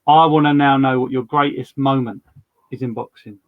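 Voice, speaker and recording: A man's voice: mid-range voice, steady tone, normal speed, phone-quality sound. A man hosting a podcast, chatting casually and telling stories full of quoted dialogue. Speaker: podcast host.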